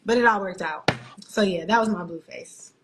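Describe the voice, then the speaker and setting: A young adult woman co-hosting a podcast, telling an animated story in casual chat full of slang and acted-out quotes. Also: medium pitch, normal speed, a little hiss or hum. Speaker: podcast co-host.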